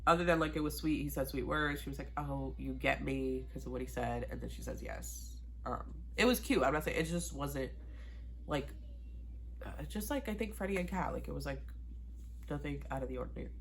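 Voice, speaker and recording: Sassy, gravelly-voiced woman reviewer. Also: low voice, a little fast, slight background noise. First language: Spanish. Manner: blunt, profane and sassy. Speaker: TV show reviewer. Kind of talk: casual recap vlog.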